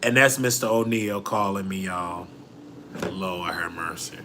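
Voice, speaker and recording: A man's voice: low voice, measured pace, background noise. A man hosting a livestream, ranting dramatically and preachily, often crying and quoting scripture. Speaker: livestream host. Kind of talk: emotional livestream rant.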